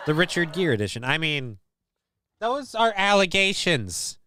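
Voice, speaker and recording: A man's voice: a little high, very animated, measured pace, bright, forceful tone, slight background noise. A man hosting a livestream, chatting casually, cracking crude jokes and reading chat aloud. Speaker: livestream host.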